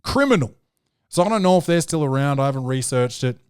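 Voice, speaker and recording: A young man hosting a podcast, telling stories in a profane, slangy, animated way. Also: mid-range voice, quick pace, clear, resonant tone, dry recording, clean studio sound. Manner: swearing, slangy, animated storytelling. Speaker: podcast host. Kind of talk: casual profane monologue.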